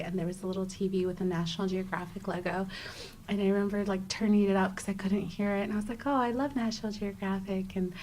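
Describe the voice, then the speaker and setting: Animated woman telling a personal story. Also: medium pitch, slight background noise. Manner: animated, acts out her own exclamations; frequent restarts and fillers. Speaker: podcast guest. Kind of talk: casual storytelling interview.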